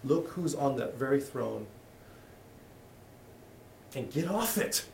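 A middle-aged man, serving as pastor, preaches a sermon in a church hall, speaking candidly and conversationally and frequently restarting his sentences. His mid-range voice is expressive, slow, and darkish, with vocal fry. The echoey room catches him from a distance, and there's slight background noise.

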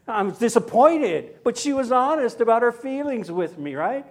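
This older pastor's voice sits high with big pitch swings, moving at normal speed. He preaches a sermon around a personal story, chatting anecdotally and sprinkling in asides and tag questions.

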